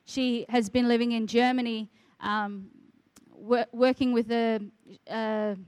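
High-voiced earnest woman telling a testimony. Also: little pitch movement, slow, darkish tone, smooth, no room sound. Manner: earnest storytelling, quotes others. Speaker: ministry worker. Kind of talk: testimony in conversation.

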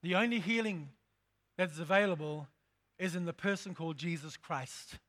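A man preaching a sermon, emphatic and fond of repeating his phrases. His voice sits high and rings bright and forceful as he calls out to his congregation. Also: normal speed. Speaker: pastor.

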